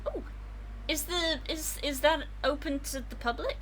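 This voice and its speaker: A woman's voice: sits high, unhurried, a bit bright, slight background noise. A woman playing in a streamed tabletop game, asking curious questions and laughing easily. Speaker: player. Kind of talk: casual chat.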